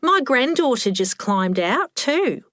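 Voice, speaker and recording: A woman's voice: high voice, sing-song, a little slow, dry recording, clean studio sound, voice pushed up. A woman voicing an eager, muddled elderly woman in a care home.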